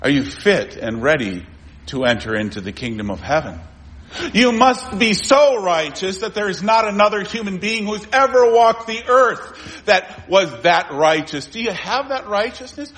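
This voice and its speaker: A male pastor preaching a sermon, pressing rhetorical questions and swinging between urgent, raised lines and low, quiet ones. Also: big pitch swings, a little slow.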